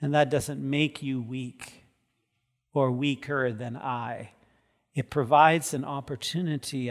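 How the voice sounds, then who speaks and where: A man preaching a sermon as pastor. He moves from soft, quiet passages to loud, emphatic peaks. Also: medium pitch, gravelly. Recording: long reverb of a large hall.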